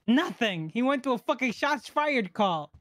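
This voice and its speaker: A man's voice: extremely high pitch, sing-song, moderate pace, a bit bright. A young man in role-play chat, blunt and wryly teasing.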